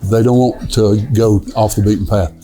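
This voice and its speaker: Easygoing, mellow-voiced man. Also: fairly low pitch, steady tone, moderate pace, soft background music. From Newport, Tennessee. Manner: rambling, easygoing, many fillers and restarts. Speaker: restaurant owner, son of the founder. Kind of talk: casual storytelling interview. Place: inside a dim windowless restaurant.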